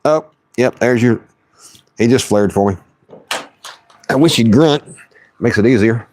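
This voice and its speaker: A man's voice: mid-range voice, a little slow, a little mellow. A man live-streaming while he fishes, chatting folksy and casual and reading his chat aloud. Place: outdoors on the water.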